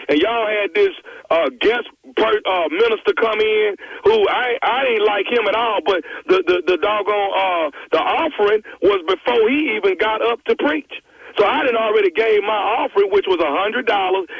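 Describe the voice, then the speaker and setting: A man's voice: high-pitched, husky, no room sound, full character voice. A man playing an angry, stammering churchgoer who demands his church offering back on a prank phone call. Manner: stammering, insistent, hot-tempered. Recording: muffled phone line.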